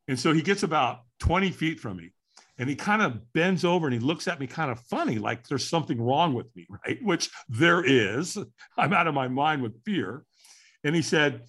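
This podcast guest, a man in his sixties with a husky voice, relates a personal story briskly. He animatedly acts out quoted lines, letting his pitch swing dramatically.

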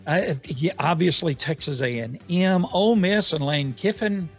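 A man's voice: on the high side, slightly rough, faint music behind. A man hosting a sports talk show, chatting casually with lots of fillers and restarts. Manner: halting, many fillers and restarts.

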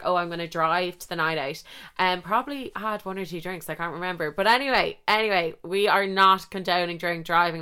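Chatty young woman, bright and smooth. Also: fairly low pitch. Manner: chatty, animated, swears casually. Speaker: podcast host. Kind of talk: casual storytelling chat.

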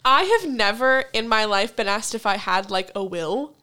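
A woman in her twenties, a podcast co-host, telling a story in a casual chat, swearing freely and laughing as she goes. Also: medium pitch. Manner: profane, animated storytelling with quick laughs.

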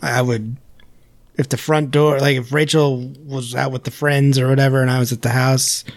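A man's voice: mid-range voice, level tone, normal speed, no echo. A man co-hosting a podcast, telling rambling, joking anecdotes. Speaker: podcast co-host. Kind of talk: casual chat.

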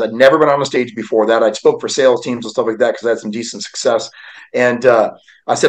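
A man in his forties, appearing as a podcast guest, tells his life story earnestly and from the heart. His middle-pitched voice holds a steady tone and moves fast, shifting between hushed and forceful like a motivational speaker, though the audio quality is poor.

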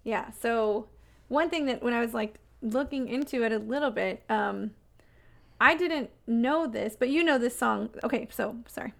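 Podcast co-host, female, gravelly and rambling, casual chat. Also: on the high side, normal speed. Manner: rambling, many fillers and restarts.

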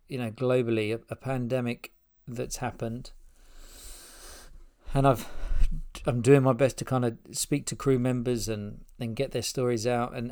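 A man's voice: mid-range voice, vocal fry, darkish tone. A middle-aged man hosting his podcast, talking unscripted and heartfelt from his spare room, rambling with many restarts. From Spain and England. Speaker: podcast host. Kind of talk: unscripted personal address.

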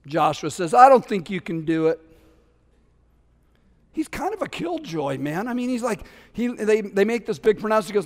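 A man preaching a sermon as pastor, animated and conversational, acting out scripture voices and slipping into casual asides. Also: high-pitched, a little slow. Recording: long hall reverb.

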